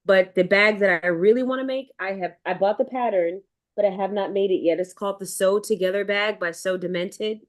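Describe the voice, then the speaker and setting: A woman's voice: mid-range voice, brisk. A woman hosting a live sewing chat, talking casually and rambling with fillers and restarts. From United States East Coast. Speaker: livestream host.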